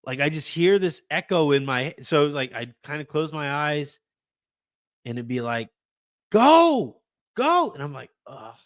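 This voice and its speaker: A man hosting a casual sports podcast, talking in an animated way and often repeating words and restarting sentences. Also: a little high, normal speed, clean tone, dry recording, studio quality. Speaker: podcast host.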